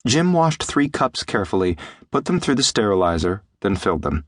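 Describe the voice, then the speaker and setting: A man narrating a science fiction audiobook in a steady, measured way. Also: fairly low pitch, dry recording, studio quality. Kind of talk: scripted narration. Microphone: close studio mic.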